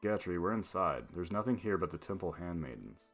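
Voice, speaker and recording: Guy doing a blunt young commander, low and flat. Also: fairly quick, vocal fry, faint music behind, heavily acted. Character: young male commander, blunt and plain-spoken.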